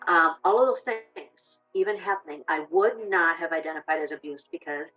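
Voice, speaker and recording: Interview with a woman whose voice sits a little low. She talks earnestly and hesitantly, full of fillers and restarts. The sound is slightly dull, with soft music underneath. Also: moderate pace. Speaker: abuse survivor sharing her story. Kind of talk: documentary interview.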